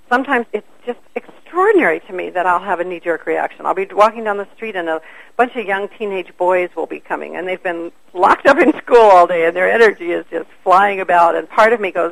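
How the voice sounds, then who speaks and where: Gravelly older woman telling stories. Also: lowish voice, a little fast, poor audio. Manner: animated, acts out quoted voices. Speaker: interview guest. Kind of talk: conversational storytelling.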